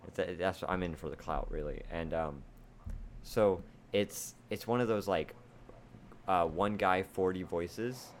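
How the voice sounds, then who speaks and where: A young man co-hosting a casual podcast, playful and quick to laugh, slipping now and then into goofy impression voices. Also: low-pitched, a little hiss or hum. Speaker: podcast co-host. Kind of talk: casual chat.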